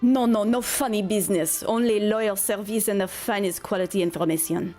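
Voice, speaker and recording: A woman's voice: mid-range voice, a little fast, warm tone, faint music behind, natural voice. A woman voicing a sly, fawning male informant with a put-on mock French accent, while reading game dialogue aloud. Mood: oily, sly.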